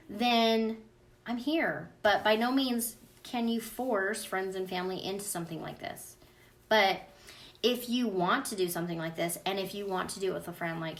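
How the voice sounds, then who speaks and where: A woman's voice: mid-range voice, normal speed, far from the mic. Earnest chatty woman doing a live q&a, sits back a bit from the mic. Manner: chatty, earnest, talks straight to viewers. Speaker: energy healing practitioner. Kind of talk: casual livestream Q&A.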